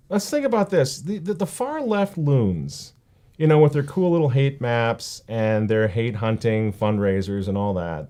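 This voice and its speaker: A man's voice: medium pitch, darkish tone. A man hosting a political commentary show, speaking in an emphatic, sarcastic and indignant way. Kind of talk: opinion commentary.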